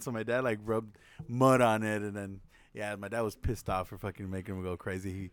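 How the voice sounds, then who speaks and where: A young man co-hosting a podcast who tells a family story in casual chat, laughs often and mimics shouting relatives. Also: lowish voice, fairly even intonation, quick pace, smooth, no room sound. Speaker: podcast co-host.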